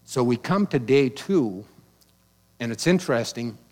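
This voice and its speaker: A man delivers a Bible teaching in a conversational style. His voice sits at an ordinary middle pitch. He often stops to add casual asides and restarts his phrases. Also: lively intonation, a little slow, a little mellow. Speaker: pastor. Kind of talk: sermon.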